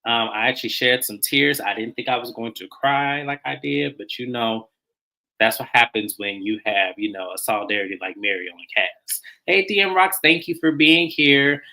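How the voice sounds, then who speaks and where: Male host for a live recap stream, bright tone, conversational, drops in slang and greets viewers. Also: medium pitch, normal speed, creaky, rough recording. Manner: chatty, greets viewers by name, colloquial. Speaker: reality show recap host.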